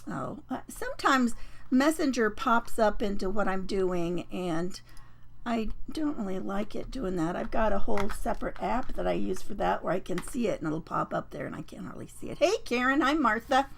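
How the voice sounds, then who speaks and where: Chatty woman with a gravelly voice. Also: medium pitch, animated, normal speed. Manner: chatty, rambling, with many fillers and restarts. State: croaky. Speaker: host of a papercraft livestream. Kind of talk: casual live-stream chat.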